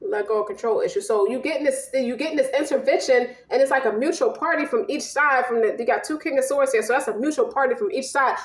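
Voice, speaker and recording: Blunt high-voiced woman reading tarot. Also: fast talker, hardly any pauses, roomy sound. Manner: blunt, profane, acts out both partners. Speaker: tarot reader.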